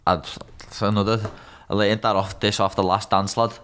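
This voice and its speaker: A Liverpool MMA fighter in his twenties, guesting on a podcast, speaks in a Scouse accent with a fairly low, mostly level pitch at a moderate pace. His tone is clean and fairly bright. He talks bluntly and candidly, swears freely and calls everyone "lad".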